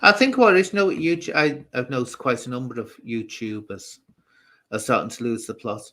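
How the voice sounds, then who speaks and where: A man's voice: mid-range voice, moderate pace, a bit bright. Rambling man with a Scouse-Irish accent. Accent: Scouse mixed with Southern Irish. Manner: rambling, reads out and answers chat comments. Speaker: live-stream host. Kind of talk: casual live-stream chat.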